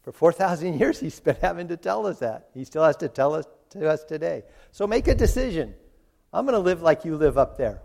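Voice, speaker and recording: A man's voice: fairly high pitch, animated, moderate pace, creaky, darkish tone. A man preaching a sermon in an earnest, pleading way, addressing his listeners directly. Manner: earnest, pleading, voices God and Jesus in quotes. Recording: long hall reverb.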